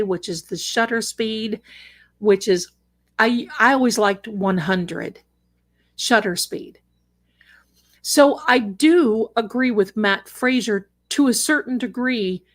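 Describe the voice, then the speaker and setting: A woman talks slowly and loosely into a desk microphone, hosting a livestream from home. She rambles between thoughts and calls her viewers darling and sister, with a cat settled on her lap. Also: medium pitch. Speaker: livestream host and psychic reader. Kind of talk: casual livestream chat.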